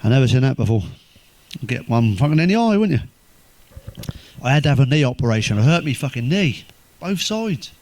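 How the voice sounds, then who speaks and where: A man telling crude stand-up jokes, swearing constantly, delivering deadpan one-liners and laughing at his own punchlines. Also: medium pitch, a little fast, long pauses. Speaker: comedian.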